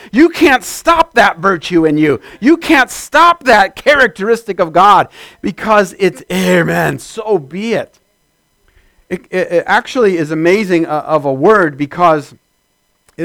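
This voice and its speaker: A man preaching a sermon, building from steady teaching to loud shouted amens. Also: high-pitched, dry recording. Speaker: pastor.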